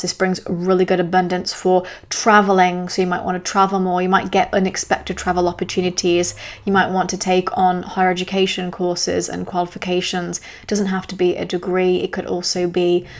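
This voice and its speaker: A woman's voice: fairly low pitch, gravelly. A woman hosting a solo astrology podcast, talking in a chatty, enthusiastic way with self-aware asides.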